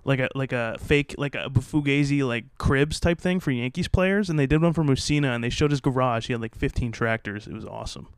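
A man's voice: medium pitch, brisk, few pauses, clear, resonant tone, no room sound, studio quality. A young man co-hosting a podcast, telling rambling stories in casual chat with lots of fillers. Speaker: podcast co-host.

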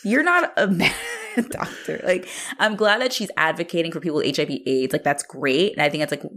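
A woman with a fairly low voice co-hosts a casual podcast. She talks in a loose, chatty way, packing her sentences with "like" and jumping into little impressions of the characters she describes. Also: lively intonation, fairly bright tone. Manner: chatty, heavy use of "like", quick to act out characters. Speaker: podcast co-host. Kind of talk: casual recap chat.

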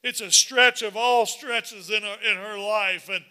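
A man preaching a sermon as pastor, animated and repetitive, building up to shouts. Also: high-pitched, a little slow, few pauses.

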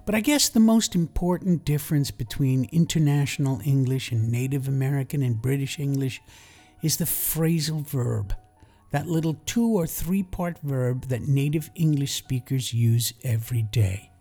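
A middle-aged man with a New York accent, hosting a scripted English lesson podcast in a measured, explanatory way with dry humor. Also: mid-range voice, lively intonation, dark tone, faint music behind. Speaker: English teacher and podcast host.

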